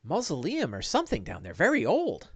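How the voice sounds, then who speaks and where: A man's voice: wildly swooping pitch, brisk, breathy edge, no room sound, exaggerated voice. A man voicing an eager, deferential young male servant who speaks politely and keeps saying sir. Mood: awed. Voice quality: high, polite, says sir constantly.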